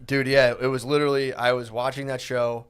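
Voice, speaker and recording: A man's voice: medium pitch, level tone, a little fast, smooth. A young man co-hosting a comedy podcast, telling loose stories that ramble and trail off into mumbles. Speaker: podcast co-host. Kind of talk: casual comedic storytelling.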